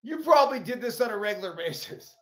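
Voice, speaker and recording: A man's voice: high-pitched, lively intonation, quick pace, a bit bright, reverberant. A man co-hosting a casual sports chat, explaining plays in a loose, profane way.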